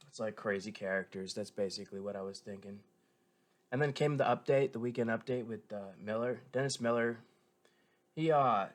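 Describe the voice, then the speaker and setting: A man giving a casual, rambling spoken review, full of fillers, restarts and self-corrections, with a keen fan's tone. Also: on the low side. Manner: meandering, filler-heavy, frequent self-corrections; enthusiastic fan tone. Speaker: show reviewer.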